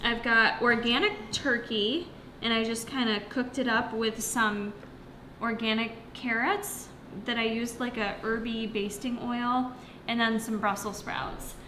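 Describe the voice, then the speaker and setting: Her voice is a little high, bright and forceful, with fairly even intonation and an unhurried pace, plus a little hiss or hum. She's a young fitness coach at home near the kitchen, chatting on a livestream in an echoey room, snacking and answering viewers with plenty of fillers.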